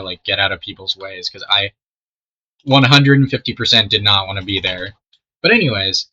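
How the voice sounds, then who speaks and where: A man's voice: mid-range voice, pushed and bright. A young man telling a rambling, swear-filled story while he plays a game, often trailing off mid-sentence. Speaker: storytelling gamer. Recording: dull lo-fi mic.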